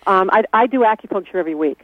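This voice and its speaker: A man's voice: high voice, lively intonation, very fast, no echo. A man talking casually as an interview guest, chatty, laughing often and restarting his sentences. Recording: tinny phone-like line with mains hum.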